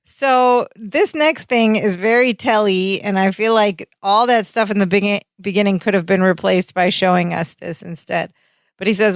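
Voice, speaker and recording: A woman's voice: medium pitch, steady tone, normal speed, no room sound, clean studio sound. A woman co-hosting a podcast in casual chat, retelling a sitcom episode and acting out the characters' lines. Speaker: podcast co-host.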